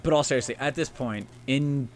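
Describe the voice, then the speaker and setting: A man's voice: mid-range voice, moderate pace, slight background noise. A man co-hosting a casual comedic history podcast, swearing a lot and acting out historical figures in goofy voices. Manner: profane, animated, acts out characters in goofy voices. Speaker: podcast co-host.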